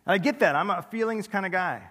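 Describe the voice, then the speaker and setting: Pastor, male, conversational sermon with self-mocking asides; slightly high voice, big reverberant hall. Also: fairly bright tone. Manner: conversational, self-deprecating humor with quick asides. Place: large church sanctuary.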